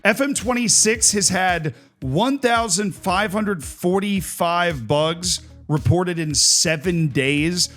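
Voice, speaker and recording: A man's voice: fairly high pitch, a bit bright. Sarcastic jokey male gaming commentator. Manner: sarcastic, jokey, exaggerated mock outrage. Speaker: gaming YouTuber reacting to memes. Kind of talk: casual comedic commentary.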